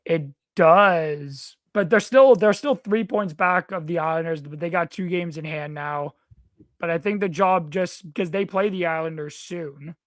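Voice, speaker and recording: A young man co-hosting a sports talk stream, reacting with quick exclamations and offering opinions. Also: fairly high pitch, dry recording, clean studio sound. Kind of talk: casual sports chat.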